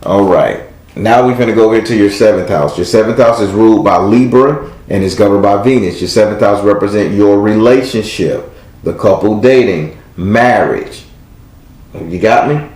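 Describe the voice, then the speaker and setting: Blunt deep-voiced man reading tarot. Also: normal speed, a little mellow, roomy sound. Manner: blunt, preachy, emphatic. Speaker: tarot reader and host.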